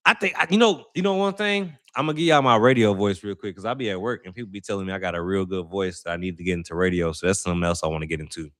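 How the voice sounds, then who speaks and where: Rambling St. guy, low voice. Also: racing, hardly any pauses. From St. Louis, Missouri. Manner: rambling, slangy, self-correcting. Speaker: channel host. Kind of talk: casual livestream chat.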